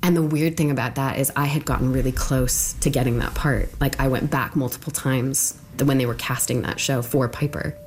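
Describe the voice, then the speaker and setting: A woman's voice: extremely low pitch, steady tone, moderate pace, hardly any pauses, a little mellow. A young woman telling her own story in an interview, rambling and full of fillers. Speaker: interviewee recounting her arrest.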